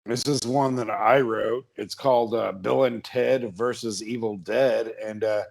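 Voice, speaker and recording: A man's voice: medium pitch, fairly even intonation, a little slow, creaky, darkish tone. A young man hosting a comedy podcast, joking crudely and laughing often. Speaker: podcast host. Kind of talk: casual comedy podcast chat.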